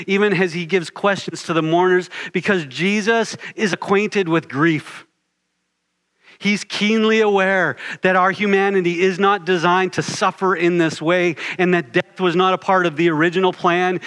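A man's voice: high-pitched, a bit bright. A man preaching a sermon in an earnest way, building his points through repeated phrases.

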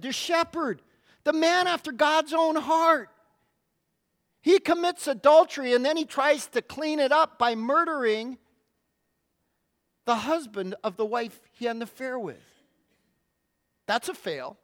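A middle-aged male pastor with a notably high voice, preaching a sermon. He tells his stories dramatically, leaning on emphatic pauses and short punchy words.

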